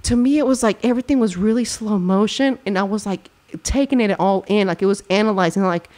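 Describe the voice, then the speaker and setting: A young woman in casual podcast chat, telling a lively personal story and acting out what people said. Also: medium pitch, brisk, hardly any pauses. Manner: animated storytelling, acts out quotes, laughs often. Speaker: podcast host.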